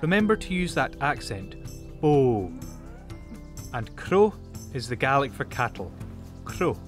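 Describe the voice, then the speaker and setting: A man's voice: mid-range voice, big pitch swings, moderate pace, a bit bright. A young man presenting a Gaelic learning show, cracking puns in a playful, upbeat manner. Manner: punning, jokey, upbeat. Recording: music bed behind voice.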